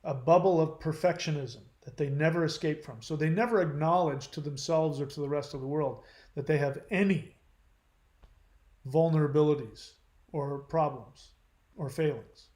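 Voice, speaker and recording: A man's voice: fairly high pitch, normal speed, a little mellow, roomy sound. A man hosting his channel, reading viewer comments aloud and answering them in a blunt, lecturing way.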